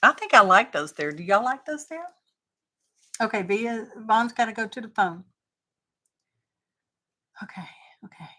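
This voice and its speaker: A woman's voice: a little high, animated, a little slow, long pauses, pushed and bright. A woman hosting a craft livestream, chatting casually and thinking aloud with folksy asides.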